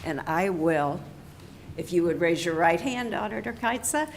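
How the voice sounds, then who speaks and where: Lady commissioner running a hearing, slow careful reading, bit of noise behind. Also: fairly low pitch, expressive. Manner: slow, deliberate reading with fillers. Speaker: county commissioner presiding over a hearing. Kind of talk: formal public hearing. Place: county meeting room.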